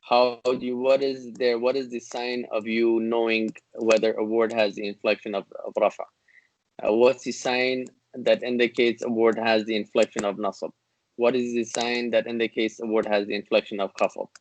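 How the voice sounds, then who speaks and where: A man teaching a classical Arabic grammar lesson on a video call, explaining patiently with many fillers and restarts, and reciting Arabic text in quick bursts. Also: mid-range voice, level tone, highs cut off, slight background noise. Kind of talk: online class lecture.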